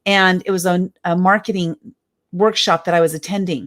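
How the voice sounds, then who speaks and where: A woman's voice: lowish voice, moderate pace, fairly bright tone. A woman in her fifties giving an emphatic, heartfelt motivational talk as a speaker and coach, often repeating her phrases. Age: 50s.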